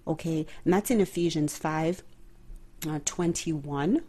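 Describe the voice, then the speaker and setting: A woman hosts a faith-based podcast, speaking earnestly in a preacher-like style, posing rhetorical questions and addressing her listeners directly. Her voice sits low with a dark tone and a slightly slow pace.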